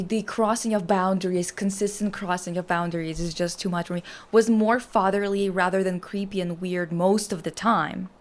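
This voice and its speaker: A woman's voice: lowish voice, steady tone, normal speed, few pauses, slight background noise. A young adult woman hosting a casual stream chat, reacting bluntly and with lots of swearing as she reads out stories. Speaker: streamer host.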